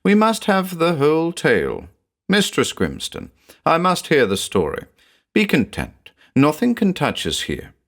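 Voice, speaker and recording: A man's voice: mid-range voice, big pitch swings, moderate pace, fairly bright tone. A man voicing an earnest medieval village priest who speaks with a solemn, reassuring manner. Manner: solemn, reassuring, forced cheer.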